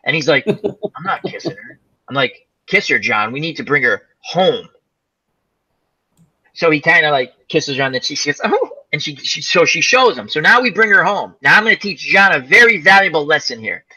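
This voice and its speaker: Husky, bright, animated male storyteller. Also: fairly high pitch, a little fast, low-quality recording. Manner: animated, laughing storyteller, acts out quoted voices. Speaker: host. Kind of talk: casual storytelling chat.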